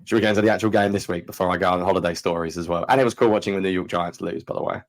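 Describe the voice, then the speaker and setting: A man in his thirties with a London English accent, co-hosting a podcast and telling stories in a fast, animated way. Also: sits low. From England. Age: 30s. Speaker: podcast co-host. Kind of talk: casual chat.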